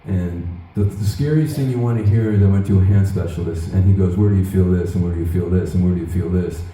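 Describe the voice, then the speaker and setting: A middle-aged guitarist giving a workshop, telling loose, profane, animated stories to an audience. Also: male voice, sits low, quick pace, slight background noise. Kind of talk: casual storytelling to an audience. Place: large event hall at a guitar show. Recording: echoey hall from far off.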